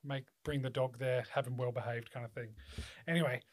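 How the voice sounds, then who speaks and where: A man's voice: mid-range voice, steady tone, fairly quick. A man hosting a podcast in casual chat, laid-back, swearing often and filling with ums. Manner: laid-back, swears a lot, many fillers. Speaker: podcast host.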